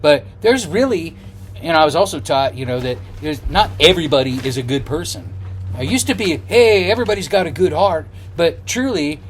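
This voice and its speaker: A man's voice: on the high side, a little hiss or hum. A middle-aged man chatting casually to camera outdoors as a travel vlogger, rambling with many fillers and restarts. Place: outdoors on the road.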